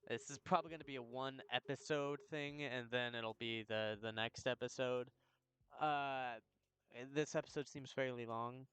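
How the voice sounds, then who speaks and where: A man's voice: medium pitch, steady tone, moderate pace, fairly bright tone, smooth, no room sound. A man hosting a gameplay video, chatting in a laid-back way and often correcting himself as he plays. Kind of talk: casual game commentary.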